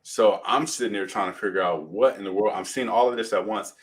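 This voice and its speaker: A man with a fairly low voice, a guest telling a personal story in an interview. His delivery is vivid, and he acts out the other people's lines as he goes. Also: fairly quick.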